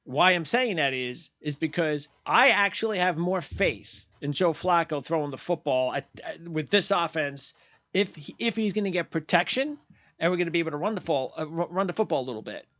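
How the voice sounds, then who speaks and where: A man's voice: a little high, animated, fairly quick, a bit bright, no room sound. A man hosting post-game sports commentary, ranting bluntly and heatedly, repeating his points and mocking fans in quoted voices. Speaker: sports channel host.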